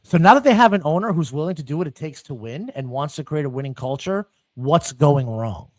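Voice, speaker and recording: A man's voice: a little high, big pitch swings, brisk, darkish tone, no echo. A man co-hosting a casual podcast, ranting comically and swearing constantly. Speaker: podcast co-host.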